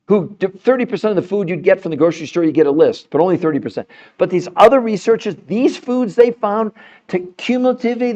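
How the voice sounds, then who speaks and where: A middle-aged man giving an impassioned health talk, blunt and fired up, swearing at times and turning soft and emotional. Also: high-pitched. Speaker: health presenter. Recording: slightly dull lo-fi sound.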